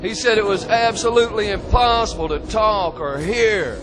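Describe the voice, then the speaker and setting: A man's voice: sits high, moderate pace, music in the background. A man telling a historical tale as a profane, folksy storyteller, full of swearing and colloquial talk.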